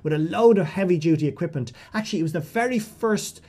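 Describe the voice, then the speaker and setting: A man with an Irish accent spins an animated, self-deprecating story as a podcast guest, tripping over and restarting his phrases. His pitch sits a touch high for a man, and his tone is warm and mellow rather than bright. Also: fast. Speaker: guest writer.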